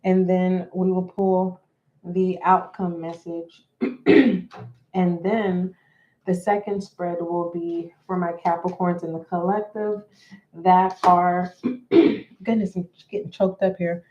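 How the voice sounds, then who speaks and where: A woman tarot reader talks slowly and deliberately in a low, flat, mellow voice. She repeats herself and often clears her throat. The recording is dull and lo-fi. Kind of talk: slow spoken tarot reading.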